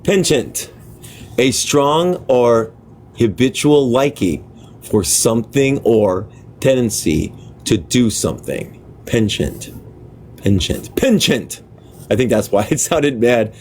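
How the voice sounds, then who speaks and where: A man hosting a livestream, reading a book aloud in a casual, halting way, stopping to puzzle over words and talking offhand to viewers. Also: medium pitch, animated, darkish tone, a little hiss or hum. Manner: talks to viewers offhand, apologetic. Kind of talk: casual live reading with chat asides.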